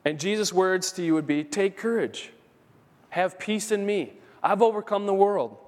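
Man, pastor, earnest emphatic sermon, high voice, long church reverb. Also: moderate pace, darkish tone. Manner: earnest, emphatic preaching with repeated phrases. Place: church sanctuary.

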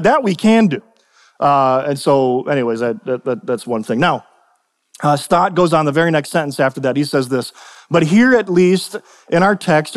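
A fairly high-voiced young man preaching in a church hall, talking casually and stopping often to ask "right?". His voice trails off in a long hall reverb. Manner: conversational, repeats and restarts, asks "right?". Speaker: pastor. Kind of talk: sermon.

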